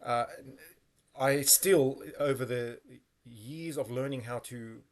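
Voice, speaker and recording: A man's voice: mid-range voice, slow pace. A man telling a personal story in a casual vlog monologue, meandering and correcting himself as he goes. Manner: meandering, with frequent fillers and self-corrections. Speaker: vlogger.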